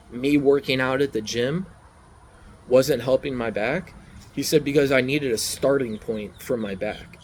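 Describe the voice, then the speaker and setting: A man's voice: mid-range voice, a little mellow, slight background noise. A man casually telling his own story outdoors, rambling and repeating key phrases over and over. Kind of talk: casual first-person storytelling.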